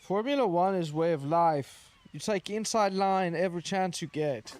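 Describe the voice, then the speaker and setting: A man's voice: high-pitched, normal speed, darkish tone, no echo, pitched above the performer's own voice, lightly acted. A man voicing a pompous, accented racing snob who drops his articles and makes grand pronouncements. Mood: lofty.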